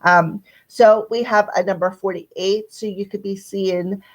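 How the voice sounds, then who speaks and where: Woman, squeaky voice, chatty live-stream tarot reader talking right to her viewers. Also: steady tone, unhurried, low-quality recording. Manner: chatty, talks straight to viewers. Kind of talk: casual live-stream card reading.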